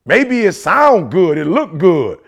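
A middle-aged man co-hosting a podcast, talking in an animated, slangy motivational way and repeating phrases for emphasis. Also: high-pitched, slow. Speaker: podcast co-host. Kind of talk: motivational casual chat.

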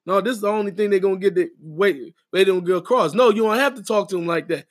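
Talking fast in a high-pitched voice, a middle-aged man who co-hosts a podcast and officiates weddings chats casually. His delivery is emphatic, repetitive, and preacher-like.

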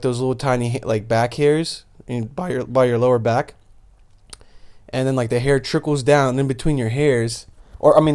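A man's voice: medium pitch, darkish tone, smooth. A young man hosting a podcast solo, telling crude, rambling stories full of swearing and jokes. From Bosnia. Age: young adult. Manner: rambling, profane, jokey storytelling. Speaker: podcast host. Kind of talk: crude casual monologue.

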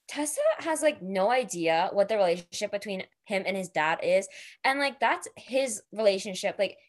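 A young woman in casual chat about a book, filling nearly every phrase with "like" and acting out the characters' lines. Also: medium pitch. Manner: says "like" constantly, animated retellings. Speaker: book discussion co-host.

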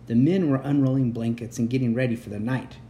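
A man reading a children's chapter book aloud as a bedtime story, with expressive narration. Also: medium pitch, fast talker, slight background noise.

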